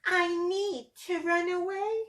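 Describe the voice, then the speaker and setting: A woman's voice: extremely high pitch, fairly even intonation, takes it slowly, a bit bright, voice pushed up, exaggerated voice. A woman voicing a timid, lonely young male dinosaur in a read-aloud picture book, crying out his lines. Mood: worried. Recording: roomy echo.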